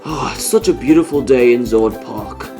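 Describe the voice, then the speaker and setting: A man voicing a male ape swordsman who acts as a sensei, jumpy and boastful but calm when teaching, in a homemade toy-animal story. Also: medium pitch, moderate pace, soft background music, natural voice. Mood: cheerful.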